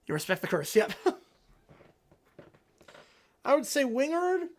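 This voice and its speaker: A man talks off the cuff to his live stream audience, answering chat as it comes in. His voice is very lively, leaping up in loud bursts of frustration and then dropping to low, mumbled remarks. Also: slow. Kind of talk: casual live reaction chat.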